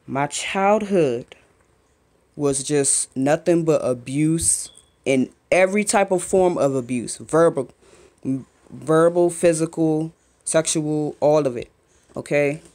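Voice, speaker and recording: A young woman speaks straight into her phone camera at home. Her talk is candid and emotional, full of halting restarts as she opens up as a mother. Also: deep voice, a little mellow. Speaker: mother vlogging. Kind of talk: emotional personal vlog. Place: home, just after a shower.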